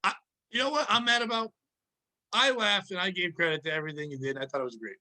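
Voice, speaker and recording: A man co-hosting a comedy podcast, excitable and profane, laughing often. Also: sits high, quick pace, low-quality recording. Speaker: podcast co-host. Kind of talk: casual comedic banter.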